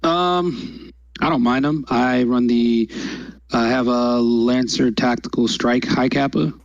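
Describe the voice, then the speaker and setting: A man speaks as a guest on a casual live stream. His voice is gravelly, and he talks in an easygoing, rambling way with many fillers. The audio is dull, dry and lo-fi. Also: medium pitch, fairly even intonation, slow pace, no echo. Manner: laid-back, rambling, hesitant fillers. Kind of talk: casual livestream chat.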